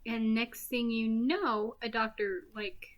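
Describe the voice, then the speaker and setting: A woman's voice: a little high, fairly even intonation, slow pace. A woman giving a casual, rambling movie recap with goofy, self-mocking asides and giggles. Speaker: movie reviewer.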